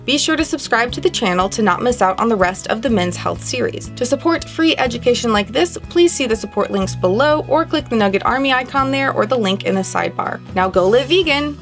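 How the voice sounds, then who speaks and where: A woman's voice: a little high, animated, fairly quick, hardly any pauses, a bit bright, faint music behind. A woman hosting a video channel, speaking conversationally. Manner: conversational, self-mocking asides. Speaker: channel host. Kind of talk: video outro and interview.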